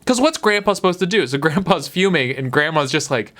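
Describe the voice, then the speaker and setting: A man's voice: on the high side, lively intonation, a little fast, few pauses, a bit bright. A young man talks loosely and frankly into his podcast mic. His nose is stuffed up from a cold, which gives his voice a nasal edge. He drifts from one thought to the next and swears now and then. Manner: rambling, candid, swears casually. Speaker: podcast host. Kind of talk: casual solo monologue.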